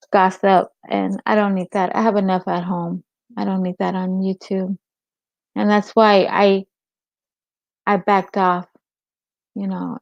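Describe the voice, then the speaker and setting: A woman's voice: medium pitch, gravelly, darkish tone, no room sound. A woman hosting a casual livestream chat, rambling and answering viewers' comments by name. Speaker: livestream host. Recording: dull lo-fi stream audio.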